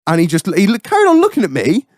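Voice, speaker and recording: A man hosting a podcast, telling a road-rage story in a profane, animated way. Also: sits high, fast talker, no echo, studio quality. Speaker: podcast host. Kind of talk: casual chat, storytelling.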